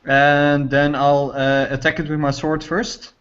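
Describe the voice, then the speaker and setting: A man's voice: a little high, little pitch movement, a little slow, a bit bright, clear, resonant tone. A man playing a tabletop game, hesitant with many fillers and restarts. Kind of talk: casual game chat. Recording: muffled lo-fi recording.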